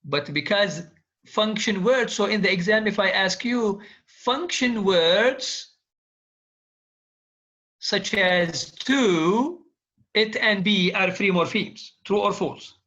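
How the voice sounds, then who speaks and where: Male lecturer, slow and repetitive, drills students with questions, high voice. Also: sharp tone. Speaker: university linguistics lecturer. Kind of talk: classroom lecture. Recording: dull lo-fi classroom recording.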